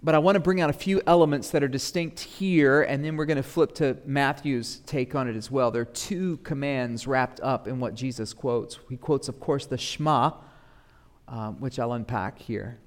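A man in his thirties, a pastor giving a sermon, chatty and humorous at times, then rising to loud, emphatic proclamation. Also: medium pitch, normal speed. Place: church sanctuary. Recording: long reverb of a church hall.

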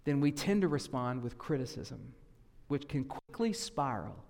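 A man with a Southern US accent preaching a sermon as a guest preacher, conversational and animated, acting out voices he quotes. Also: mid-range voice, unhurried, gravelly. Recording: echoey hall reverb.

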